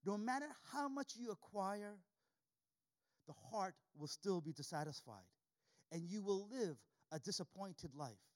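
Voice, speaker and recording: A man's voice: high-pitched, expressive, measured pace. A man preaching a sermon, reading scripture aloud and repeating key lines for emphasis. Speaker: pastor.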